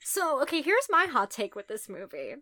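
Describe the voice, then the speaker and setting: A woman's voice: high-pitched, wildly swooping pitch, moderate pace, sharp tone, no room sound. A young woman co-hosting a casual podcast chat, with exaggerated reactions. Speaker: podcast co-host.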